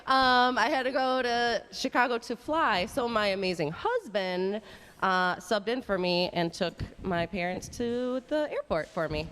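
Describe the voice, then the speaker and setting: A woman from Southeast Wisconsin, a radio guest telling a story in a lively, chatty way. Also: fairly high pitch, clean tone, big-room sound, rough recording. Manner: lively, chatty, quick bursts. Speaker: guest caller on radio show. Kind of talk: casual storytelling. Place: resort hotel on location.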